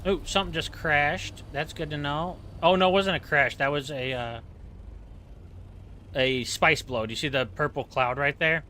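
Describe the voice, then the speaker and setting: A male game streamer with a bright, fairly high voice that carries a keen, forward edge. He chats loosely and jokes at his own expense, wandering from one aside to the next. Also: normal speed, slight background noise. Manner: joking, rambling, self-mocking. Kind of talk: casual chat while playing.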